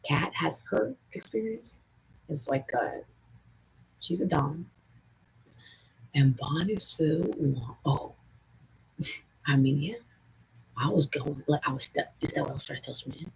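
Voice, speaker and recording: A livestreamer from the Southern United States with a Southern accent, rambling in a profane, excitable way and jumping between topics, with a gravelly, raspy voice. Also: mid-range voice, normal speed, long pauses, poor audio. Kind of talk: rambling live stream chat.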